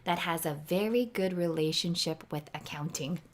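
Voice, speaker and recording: A woman guest speaking about brand partnerships in a casual livestream interview over a video call. She talks in an animated, emphatic way. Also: fairly low pitch, normal speed. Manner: animated and emphatic, acts out quotes.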